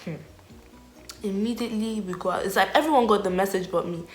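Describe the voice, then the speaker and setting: A young woman spins a story in lively, slang-filled chat, breaking into laughs. Her voice sits in a middling range and rings in a roomy, echoey space. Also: mid-range voice, a little fast, soft background music. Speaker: vlogger. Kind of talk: storytime vlog.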